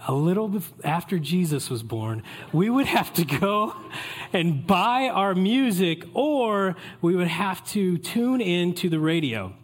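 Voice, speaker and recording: Pastor, playful sermon. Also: male voice, sits high, expressive, unhurried. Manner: playful, joking asides to the congregation.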